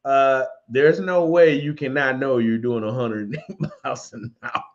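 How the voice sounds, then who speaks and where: A man co-hosts a casual chat show in a relaxed, rambling way, full of fillers. His voice sits in a middle range. The sound is a little dull and lo-fi. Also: mid-range voice, a little slow, a crowd in the background. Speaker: co-host.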